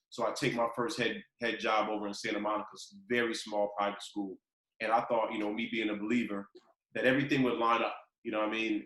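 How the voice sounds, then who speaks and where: Male podcast host, lowish voice, animated storyteller, roomy echo. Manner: animated storyteller, acts out quotes. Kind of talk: casual storytelling chat.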